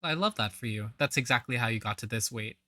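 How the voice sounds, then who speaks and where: Sharp, sarcastic reaction commentator. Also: mid-range voice, animated, quick pace, no echo. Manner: mocking, blunt, swears casually.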